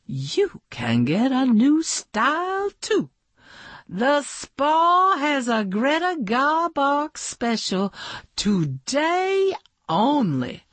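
A woman's voice: sits high, sing-song, extremely slow, dry recording, voice pushed up, heavily acted. A woman voicing a glamorous, gracious lady dog who is a movie star, speaking in a grand, theatrical way.

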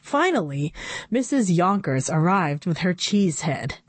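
A woman reading a children's chapter book aloud with expressive storytelling. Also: on the low side, measured pace, slightly rough, dry recording.

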